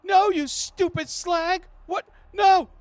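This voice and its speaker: A man voicing a crowd of panicked men yelling during a tabletop game scene. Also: very high voice, steady tone, slow pace, no room sound, voice pushed up. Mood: frantic. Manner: yelling, frantic. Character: group of panicked men shouting in a brawl.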